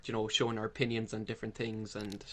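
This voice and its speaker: A young man co-hosting a casual podcast from home, relaxed and rambling, stammering a little at the start of lines, on a voice chat headset. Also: on the low side, fast. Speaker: podcast co-host. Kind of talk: casual chat over a voice party. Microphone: headset in an online party.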